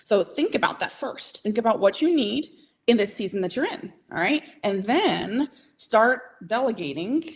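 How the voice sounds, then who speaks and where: A woman's voice: on the high side, animated. A woman giving a live training to small business owners, talking directly and emphatically, and checking in often with "okay?" and "right?". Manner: emphatic, coaching, keeps asking "okay?" and "right?"; direct and motivational, speeds up and slows down.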